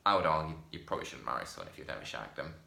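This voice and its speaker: A man's voice: a bass voice, lively intonation, racing, creaky, pushed and bright. A man rambling through a casual film-review chat, swearing often and laughing at his own jokes. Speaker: podcast host. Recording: roomy echo.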